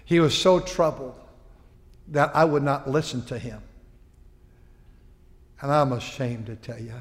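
An older man preaching a sermon to his church, impassioned, swinging between quiet confiding and loud pleading. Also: mid-range voice, unhurried. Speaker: pastor. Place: church sanctuary. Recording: long reverb of a church hall.

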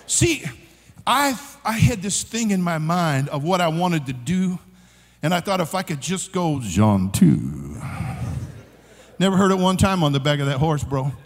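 Animated preacher in a big hall. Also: male voice, on the high side, normal speed. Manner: animated storytelling, shouting and laughing. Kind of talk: sermon with a comic story. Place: large conference hall. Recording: long hall reverb.

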